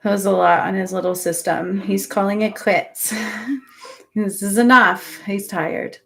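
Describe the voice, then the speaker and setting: A woman doing an animal healing session on a live stream, talking in a soft, meandering way full of fillers and restarts, often describing symptoms as if she feels them herself. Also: medium pitch, steady tone, a little slow, vocal fry. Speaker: animal energy healer.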